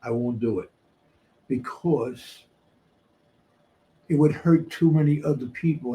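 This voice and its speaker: A man's voice: medium pitch, slow, dark tone. Blunt, foul-mouthed older man telling stories. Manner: blunt, profane, streetwise. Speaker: guest. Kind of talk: storytelling in a casual interview.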